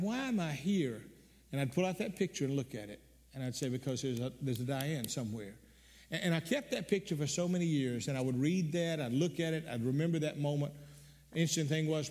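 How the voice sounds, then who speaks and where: Preacher guy telling a story in church, earnest, slows way down on the sad parts, long echo. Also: a little high, darkish tone. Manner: earnest, slows down for emotional moments. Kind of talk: sermon storytelling.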